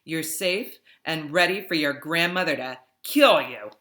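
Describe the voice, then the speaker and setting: A woman voicing a brusque middle-aged female caretaker who speaks loudly in clipped phrases. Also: sits low, animated, measured pace, heavily acted.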